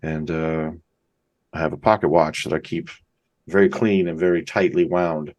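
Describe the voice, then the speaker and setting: A man introducing his tabletop game character, speaking hesitantly with many pauses. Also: extremely low pitch, steady tone, a little mellow, lo-fi sound. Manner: hesitant, halting.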